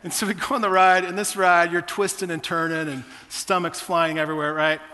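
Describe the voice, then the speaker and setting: A man's voice: sits high, level tone, fairly quick, bright, forceful tone, big-room sound. A man in his forties preaching a sermon, telling personal stories in a conversational way to his church. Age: 40s. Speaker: pastor.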